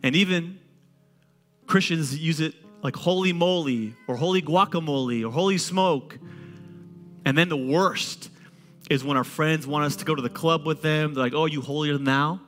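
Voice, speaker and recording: A man preaching a sermon to a congregation in a lively, conversational way, using humor and repetition. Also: fairly high pitch, normal speed, in a large hall, faint music behind. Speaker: pastor.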